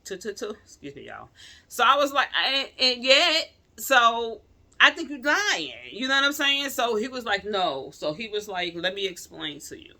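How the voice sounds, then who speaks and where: A woman casually telling her viewers a personal story in slangy speech, swinging from loud outrage to quiet pleading. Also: medium pitch. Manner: slangy, addresses viewers as y'all.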